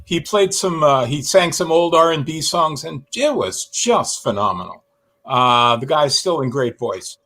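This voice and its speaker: A man calling into a talk show, telling a self-deprecating story in an animated way with lots of fillers and restarts. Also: on the high side, measured pace. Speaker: guest, fan camper and drummer.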